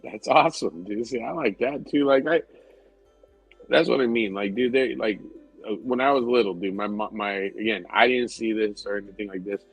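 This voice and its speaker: A man's voice: on the low side, moderate pace, husky, dry recording, soft background music, poor audio. A man co-hosting a podcast, telling a story in casual, rambling chat, swearing freely and laughing often. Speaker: podcast co-host.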